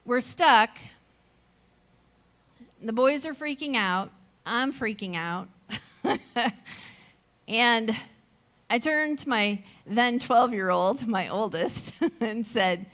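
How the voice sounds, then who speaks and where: A middle-aged woman giving a sermon, slow and reflective, telling a personal story with gentle laughs. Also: fairly high pitch, lively intonation. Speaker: speaker at a Sunday service.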